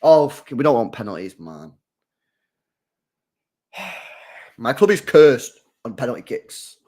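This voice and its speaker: A man, giving live commentary and chat to his viewers while watching a football match as an excitable fan. His voice swings from loud shouts down to low mutters. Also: slow pace.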